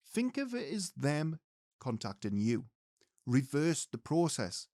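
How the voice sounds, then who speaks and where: A man's voice: fairly high pitch, sing-song, slow pace, mellow, dry recording, studio quality. Earnest man teaching mediumship. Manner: earnest, direct address to listeners. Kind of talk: spiritual teaching talk to viewers.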